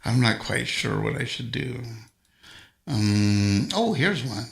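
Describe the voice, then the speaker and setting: Slow-talking man in a roomy space. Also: mid-range voice, animated, gravelly. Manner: rambling, tells corny jokes. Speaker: livestream host and guitarist. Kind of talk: casual chat between songs. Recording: roomy echo with faint guitar.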